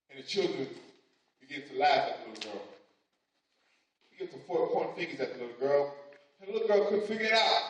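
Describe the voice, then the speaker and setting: A man's voice: a little high, a bit bright. A man preaching a sermon, telling a story and speaking the mother's and daughter's lines in his own voice. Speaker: pastor. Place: church sanctuary. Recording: echoey church hall, mic from a distance.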